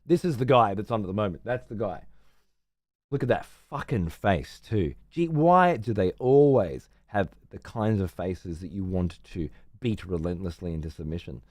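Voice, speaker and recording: Australian streamer, foul-mouthed rambling rant, dry close sound. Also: male voice, on the low side, expressive, moderate pace, darkish tone, dry recording. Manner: profane, rambling, sarcastic. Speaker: livestreamer. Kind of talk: casual livestream rant.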